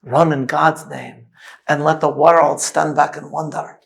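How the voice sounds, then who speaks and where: A man's voice: fairly high pitch, steady tone, unhurried, creaky. A man putting on a Scottish accent to voice a stern older Scottish father who speaks with preacherly gravity. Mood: solemn.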